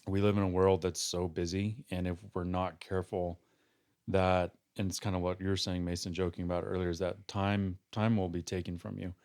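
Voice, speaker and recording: A man with a low, deep voice talks thoughtfully as a podcast guest. He is a counselor who weighs his words, reaches for quotes, and gives advice at a measured pace. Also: level tone, a little mellow. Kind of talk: podcast discussion.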